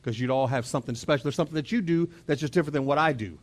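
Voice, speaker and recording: This middle-aged Texan pastor talks rapid-fire in a slightly high voice, preaching a conversational sermon in a church auditorium. He keeps repeating words and chuckles as he mimics family exchanges.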